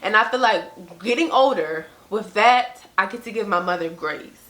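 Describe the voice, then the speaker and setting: Earnest young woman vlogging, bright echoey sound. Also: medium pitch, normal speed. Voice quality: conversational, frequent "like" and "you know". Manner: earnest, animated quoting of others. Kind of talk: casual reflective monologue.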